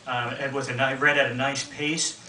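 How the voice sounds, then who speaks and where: A man gives spoken feedback on a reading, pausing often on uhs and ums. His voice is bright and forceful, heard from a distance in a roomy hall with faint ambience. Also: mid-range voice, flat delivery, slight background noise. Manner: hesitant, many uhs and ums. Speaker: reading instructor.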